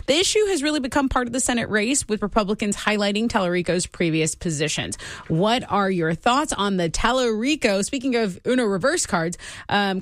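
A woman's voice: medium pitch, no room sound, clean studio sound. A woman co-hosting a call-in radio talk show. She reads news items and listener texts aloud in a casual way.

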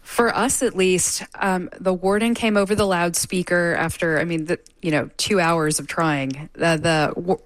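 A woman reporter recounting events in a live news interview, measured and pausing with fillers. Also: fairly low pitch, fairly even intonation, dry recording.

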